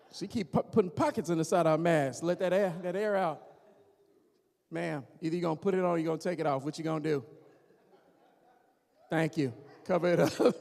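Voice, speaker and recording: Male comic working the crowd, animated and teasing, higher pitch, reverberant church room. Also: gravelly. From Gary, Indiana, USA. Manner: animated, teasing, talks straight to the audience. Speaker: stand-up comedian. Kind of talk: stand-up comedy with crowd work. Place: church hall before a live audience.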